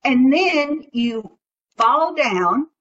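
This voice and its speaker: Woman putting on a sly male rabbit trickster, folksy drawl, high voice, muffled lo-fi sound. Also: animated, very slow, a bit bright, husky, full character voice. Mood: scheming. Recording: dull lo-fi recording.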